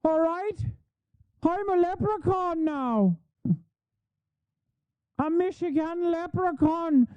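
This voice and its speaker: A man putting on a mocking, exaggerated folksy Midwestern woman with a high, shrill caricature voice. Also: takes it slowly, long pauses, a little mellow, no room sound. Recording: phone-like thin audio, dry.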